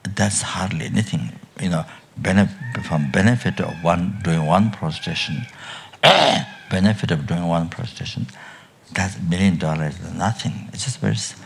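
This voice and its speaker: An older man giving a Buddhist dharma talk at a retreat, speaking haltingly with many restarts and trailing phrases, often coughing and clearing his throat. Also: low voice, slight background noise. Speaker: Buddhist teacher.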